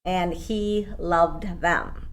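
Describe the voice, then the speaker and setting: A woman's voice: lowish voice, fairly even intonation, drawn-out words. A woman guest in a podcast interview, telling stories with enthusiasm and frequent "you know". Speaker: guest, program coordinator. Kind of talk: casual interview.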